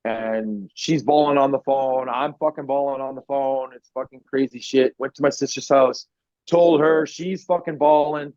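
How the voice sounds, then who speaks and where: A man's voice: medium pitch, fairly even intonation, normal speed, darkish tone, dry recording. A man guest on a podcast, telling his story in a blunt, profane, casual way with easy laughs. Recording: dry, slightly muffled podcast audio.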